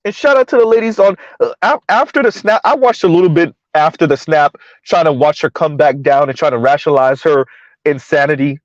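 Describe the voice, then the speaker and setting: A man's voice: a little high, a little fast, no echo, lo-fi sound. Sarcastic man hosting a dry live stream. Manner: mocking, sarcastic, talks to chat. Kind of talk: casual live-stream commentary.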